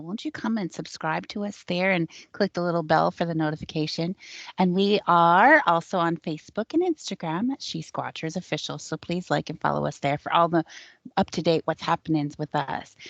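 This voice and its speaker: A woman's voice: on the low side, no echo, muffled recording. A woman hosting a radio show, chatting casually and laughing often.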